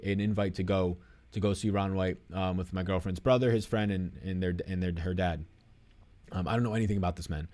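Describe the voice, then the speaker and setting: A man's voice: on the low side, a little mellow. A young man hosting a live stream, casually answering chat questions in a rambling, swearing, off-the-cuff way.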